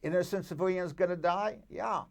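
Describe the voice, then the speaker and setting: A man's voice: sits high, brisk, creaky. A man, a rabbi guest in a conversational interview, speaking emphatically and arguing with rhetorical questions.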